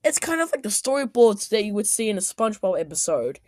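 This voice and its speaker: A woman giving casual, excitable reaction commentary on animated clips, often exclaiming and shouting. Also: medium pitch, fast talker, dry recording, clean studio sound. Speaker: video commentator.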